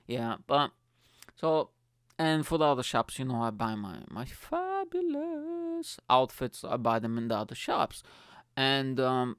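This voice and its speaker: A young comedian from Bulgaria rambles through a solo podcast monologue, full of profanity and animated asides. His voice is smooth and clean, recorded dry and close. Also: mid-range voice, no echo.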